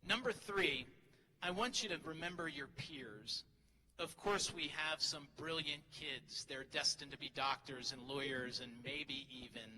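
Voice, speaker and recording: This middle-aged teacher's voice is on the high side and sharp, with slight background noise. He gives a funny graduation speech full of teasing and self-deprecating jokes at a podium mic in a large hall, where the recording picks up reverb and faint crowd ambience.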